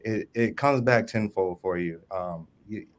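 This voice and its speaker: A man's voice: lowish voice, a little slow, a little hiss or hum. A man on an industry panel, from New Orleans, telling a work story in a loose way with many ums and restarts. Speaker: service manager panelist.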